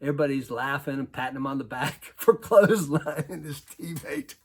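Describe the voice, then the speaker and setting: A basketball coach telling a lively personal story to an audience, laughing often as he goes. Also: mid-range voice, a little fast. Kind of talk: storytelling talk.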